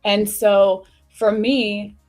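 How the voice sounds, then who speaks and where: A young woman hosts a casual livestream chat in a chatty, easygoing way. She laughs easily and swears now and then. Her voice sits at a mid pitch, with faint music playing behind her. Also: little pitch movement, drawn-out words, darkish tone. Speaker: host.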